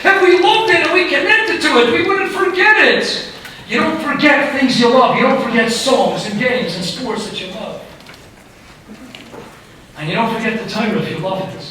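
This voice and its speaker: A man's voice: very high-pitched, animated, moderate pace, pushed and bright. A man, a rabbi, giving a storytelling Torah lecture full of Hebrew and Yiddish terms. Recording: echoey hall, speaker far from mic, faint noise.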